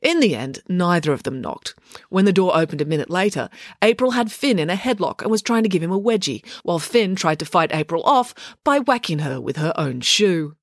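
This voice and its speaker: A woman narrating an audiobook story with expressive storytelling. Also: fairly low pitch, a little fast, dry recording, studio quality.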